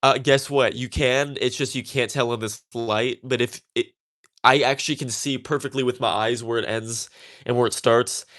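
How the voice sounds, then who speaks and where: A man's voice: medium pitch, a bit bright. Chatty young man, casual and defiant. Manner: chatty and defiant, with many fillers. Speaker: tatting creator. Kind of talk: casual talk while crafting.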